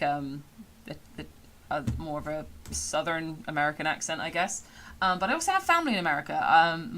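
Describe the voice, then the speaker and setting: Woman with a Somerset accent, chatty streamer, bright tone sitting slightly low in pitch. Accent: Somerset English. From England. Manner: chatty and rambling, with frequent fillers and laughs. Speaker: streamer and voice actor. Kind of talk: casual live-stream chat.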